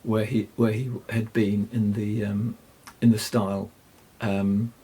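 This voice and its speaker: An older man, telling rambling fishing stories as a guest, halting and restarting often. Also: fairly low pitch, level tone, warm tone, slight background noise. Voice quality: gravelly, husky. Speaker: guest angler. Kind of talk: anecdotal storytelling.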